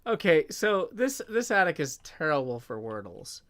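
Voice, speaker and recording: A man's voice: a little high, sing-song, normal speed, a bit bright. Chatty man live-streaming a game. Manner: chatty, reads tips aloud, counts under his breath. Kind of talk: casual live-stream chat.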